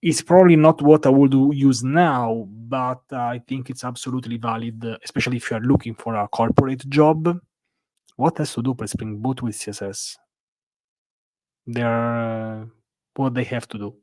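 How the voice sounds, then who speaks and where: Streaming from a hotel room, an Italian-accented man answers chat questions in a rambling, casual way, filling pauses with "uh." He has a mid-range voice with a darkish tone, a moderate pace, and no echo around him.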